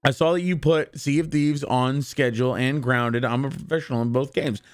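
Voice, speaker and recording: A man's voice: medium pitch, clean tone. A young man streaming live, chatting casually and greeting his viewers one by one in an upbeat, rambling way while his voice is wearing out. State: losing his voice.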